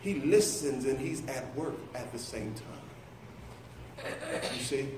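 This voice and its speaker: A man's voice: mid-range voice, animated, takes it slowly, background noise. A middle-aged man preaching a conversational sermon, playfully teasing and calling on listeners by name. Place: church sanctuary. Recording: echoey church from far off.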